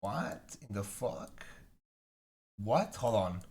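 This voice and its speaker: A man streaming casual reaction commentary on short clips, excitable, swearing and laughing often. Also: fairly low pitch, slow pace, gravelly, echoey room.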